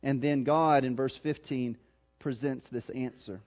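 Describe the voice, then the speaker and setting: Missouri-accented preacher on a tinny line. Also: male voice, mid-range voice, steady tone. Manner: dramatic swings between loud emphasis and soft, slow delivery. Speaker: pastor. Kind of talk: sermon. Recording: tinny phone-like sound.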